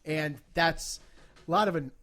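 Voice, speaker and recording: A man's voice: fairly high pitch, unhurried, fairly bright tone. Man rambling through a road-rage story. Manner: rambling, profane, self-deprecating storytelling. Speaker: podcast guest. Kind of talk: casual podcast chat.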